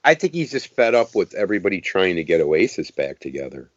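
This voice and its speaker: A man's voice: deep voice, big pitch swings, a little fast, no echo, muffled recording. A man co-hosting a podcast in casual chat, laid-back with blunt remarks. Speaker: podcast co-host.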